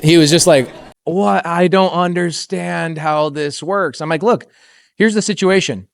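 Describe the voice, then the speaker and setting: Animated male stage speaker, dry sound. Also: fairly high pitch, no room sound. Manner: animated storyteller, acting out quoted dialogue, quizzing the crowd. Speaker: speaker at a real estate summit. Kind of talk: motivational stage talk with told stories.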